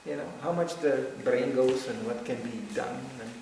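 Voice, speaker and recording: Before a devotional gathering, a middle-aged man with a gravelly mid-range voice recalls memories at a moderate pace in an anecdotal talk. He's a lively teller who laughs often and acts out quotes, recorded with a noisy background, heavy echo, and a far-off mic.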